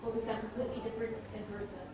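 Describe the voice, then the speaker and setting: A woman in the audience of a convention panel, asking quick questions. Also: on the high side, flat delivery, a crowd in the background. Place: large echoey convention room. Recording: distant voice in an echoey, crowded hall.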